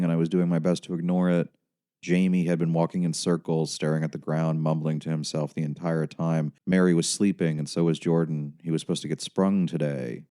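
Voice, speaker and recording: Deep dark-voiced male narrator. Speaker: audiobook narrator. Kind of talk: first-person audiobook narration.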